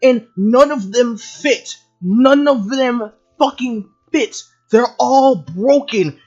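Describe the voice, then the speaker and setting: High-voiced woman ranting in a profane fury. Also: slow pace, hardly any pauses, soft background music. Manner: profane, shouting, exasperated. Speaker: video commentator. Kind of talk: angry review rant.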